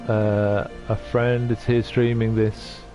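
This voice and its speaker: Soft-spoken man, low voice. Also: little pitch movement, faint music behind. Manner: soft-spoken, halting, emotional. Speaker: streamer. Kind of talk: casual livestream chat.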